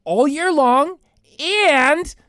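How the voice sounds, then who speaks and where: A man's voice: very high-pitched, drawn-out words, a bit bright, no echo, clean studio sound. A man in his thirties, a podcast host delivering a comedic solo rant in a mock-indignant, sarcastic, exaggerated way.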